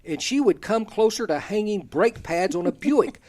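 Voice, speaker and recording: Folksy high-voiced older man telling stories. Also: expressive, normal speed, darkish tone. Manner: folksy storyteller, dry humor, chuckles at own lines. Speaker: talk show host. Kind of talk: reading a personal column aloud, then casual chat.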